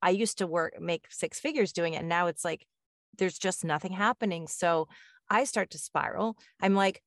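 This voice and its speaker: A woman hosts a relaxed conversation, telling a personal story with lively energy and voicing the people she quotes. Her recording is dry and close, with no room echo. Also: on the low side, normal speed. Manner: animated storyteller, acting out quoted dialogue. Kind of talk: casual chat.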